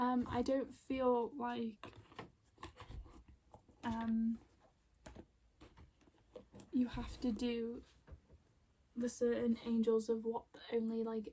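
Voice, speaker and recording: A young woman giving an emotional oracle card reading at home, soft and rambling with many fillers. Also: fairly high pitch, husky. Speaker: spiritual card reader. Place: home room with plants.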